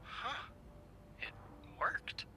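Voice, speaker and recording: An actor playing a friendly young male hotel receptionist in a game, joking and slipping into a hushed, conspiratorial whisper. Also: very slow, heavily acted, rough recording. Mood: playful.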